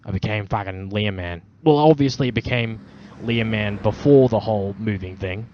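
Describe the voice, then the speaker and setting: A low-voiced man rambles in a put-on Australian accent through an in-character roleplay monologue, bragging and swearing at every turn and leaning hard on slang. The recording is dull and lo-fi, with clear street and traffic noise outdoors behind him. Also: normal speed. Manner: boastful, swears constantly, lots of Aussie slang. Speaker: roleplaying vlogger.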